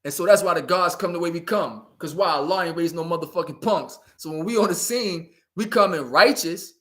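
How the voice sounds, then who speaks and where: A man's voice: a little high, brisk, bright, forceful tone. A man giving a blunt, profane street-talk monologue, preaching to young people and often asking "you know what I'm saying". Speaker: community speaker.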